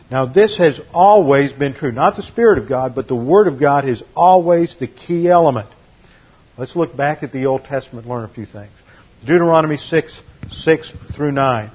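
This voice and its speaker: Male pastor, expository sermon, husky tone, dull lo-fi recording, methodical point-by-point teaching. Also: medium pitch. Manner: methodical teaching, numbered points, steady emphasis.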